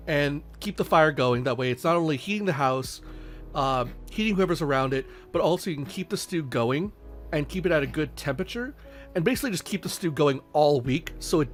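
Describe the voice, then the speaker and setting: A man narrating as game master of a tabletop game, rambling and full of fillers. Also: on the high side.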